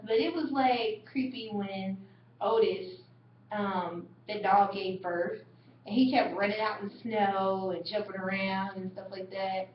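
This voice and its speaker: A young woman who is a mother retells movie scenes in a casual webcam chat from an indoor room, laughing a lot as she animatedly tells them. Her voice is medium-pitched and unhurried, with slight background noise, and the audio sounds echoey, distant and dull.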